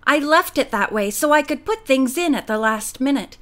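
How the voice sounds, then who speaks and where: A woman's voice: high-pitched, expressive, moderate pace, fairly bright tone. A woman voicing an anxious, earnest teenage girl detective in an audiobook, speaking with urgency. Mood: worried.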